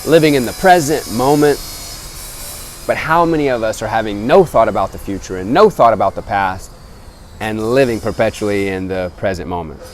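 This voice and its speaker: A man vlogging outdoors beside a temple, talking earnestly to camera as he calls his listeners gentlemen. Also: lowish voice, expressive, moderate pace, a little hiss or hum. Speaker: travel vlogger. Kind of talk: casual motivational talk to camera.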